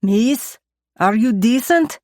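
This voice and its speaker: A woman voicing a gruff male bodyguard with a Russian accent, speaking in curt, broken phrases. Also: a little high, animated, slow pace, a little mellow, dry recording, studio quality, pitched above the performer's own voice.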